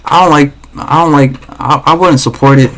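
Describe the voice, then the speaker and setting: A man's voice: fairly high pitch, steady tone, normal speed, a bit bright, a little hiss or hum. A man livestreaming a rambling, slangy monologue full of swearing and restarts.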